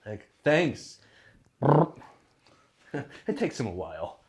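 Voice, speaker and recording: A man's voice: lowish voice, sing-song, slow. A young man telling a rowdy, profane story as a guest on a casual podcast, laughing often as he goes. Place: podcast studio.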